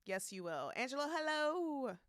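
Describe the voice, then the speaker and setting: A woman's voice: high voice, big pitch swings, moderate pace, no echo, studio quality. A woman streaming live, chatting casually, reading out chat messages and greeting viewers by name, laughing often.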